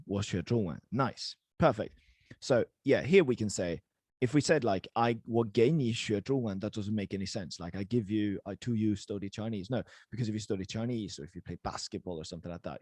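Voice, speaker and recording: A man teaches a live online language class over a video call, casual and encouraging, full of little fillers. His pitch swings a lot as he explains. The sound is close and dry, with no room around it. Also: darkish tone, no echo.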